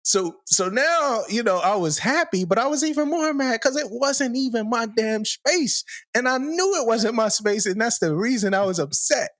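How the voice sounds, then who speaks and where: A man's voice: very high-pitched, animated, normal speed, hardly any pauses, fairly bright tone, no echo, studio quality. A man, a podcast co-host, telling a story in a loose, slangy way, often laughing and asking "you know what I mean". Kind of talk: casual storytelling chat.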